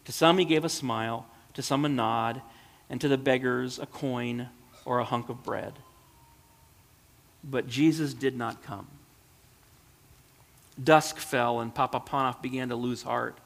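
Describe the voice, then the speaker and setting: Earnest male storyteller; gravelly, recorded in a reverberant hall. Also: medium pitch, fairly even intonation, measured pace, pauses often, a bit bright. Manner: earnest, emotional. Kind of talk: reading a children's story aloud, then reflecting.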